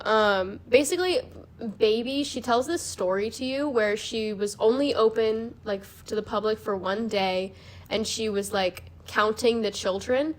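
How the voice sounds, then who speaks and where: A young woman hosting a podcast, explaining in a rambling, casual way full of "like". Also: medium pitch. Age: young adult. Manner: rambling, peppered with 'like'. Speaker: podcast host. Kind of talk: casual chat.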